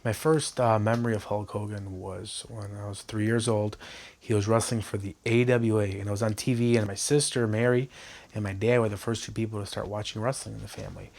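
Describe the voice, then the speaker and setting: Excitable man in his forties telling stories. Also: lowish voice, brisk, gravelly. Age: 40s. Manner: excitable, emphatic, reenacts his own shouting. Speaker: interviewee, lifelong wrestling fan. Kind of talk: documentary interview storytelling. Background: background score music.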